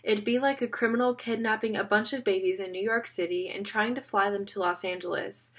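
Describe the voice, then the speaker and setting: A woman's voice: mid-range voice, steady tone, brisk, a bit bright, close to an everyday voice. A woman reading the lines of an earnest man who patiently explains things. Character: earnest serious man, time-law enforcer. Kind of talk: audiobook reading.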